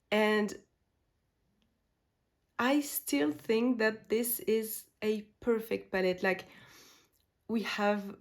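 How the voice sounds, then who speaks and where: A woman whose first language is French chats excitedly to camera in a beauty vlog. She gushes with enthusiasm and trips into fillers and restarts as she talks. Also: medium pitch. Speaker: beauty vlogger. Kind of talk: casual makeup chat.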